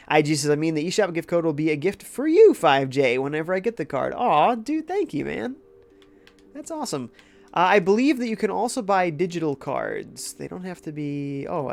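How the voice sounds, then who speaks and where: A man's voice: fairly high pitch, vocal fry. A young man with a congested, sick-sounding voice, casually chatting while playing a game and reading out viewer comments. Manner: laid-back, reads chat aloud. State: congested from a cold. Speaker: game streamer.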